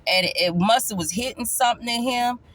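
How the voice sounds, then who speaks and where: Woman vlogger, casual storytime, emphatic, repeats herself, jumps up in pitch to stress a point. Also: a little fast, fairly bright tone, dry recording. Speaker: vlogger telling her life story.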